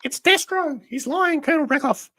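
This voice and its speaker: A man voicing a haughty female villain spy in a high falsetto while reading a comic aloud. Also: normal speed, sharp tone, full character voice. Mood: defiant.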